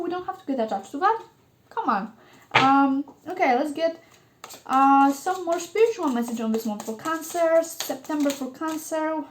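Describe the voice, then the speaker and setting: A woman with a high voice reads tarot cards for her viewers. She talks in an emphatic, coaxing way and keeps checking in with the listener. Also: slight background noise. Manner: emphatic, coaxing, repeats "okay?" often. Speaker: tarot reader. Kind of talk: tarot reading monologue.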